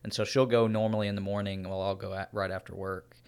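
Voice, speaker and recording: A man's voice: lowish voice, level tone, fast, vocal fry, a little mellow, clean tone. A man co-hosting a podcast, chiming in casually and chuckling as he adds to a shared story. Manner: laid-back, chuckling, chiming in. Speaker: podcast co-host. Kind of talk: casual chat.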